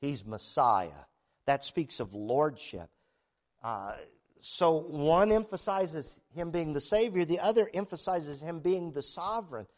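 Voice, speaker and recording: A man's voice: fairly high pitch, animated, unhurried. A middle-aged male preacher giving a sermon, emphatic and conversational, asking the listeners rhetorical questions.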